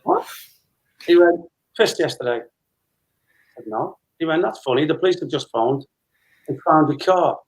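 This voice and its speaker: A man's voice: on the high side, animated, unhurried, pauses often, poor audio. A man in his fifties, a guest telling a long casual anecdote and acting out dialogue as he goes. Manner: chatty storyteller, re-enacting dialogue with laughs.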